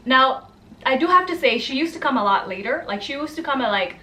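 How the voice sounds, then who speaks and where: A young woman tells a story to her channel in a casual, animated way, breaking into quick asides and acting out each person's lines. Her voice sits high and sounds bright and clear. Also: reverberant. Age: young adult. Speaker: vlogger telling a story.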